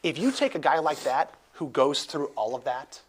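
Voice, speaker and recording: A man's voice: a little high, very animated, moderate pace, breathy edge. A man hosting a casual interview chat, rambling and joking with lots of restarts. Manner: rambling, jokey, many restarts. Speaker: host.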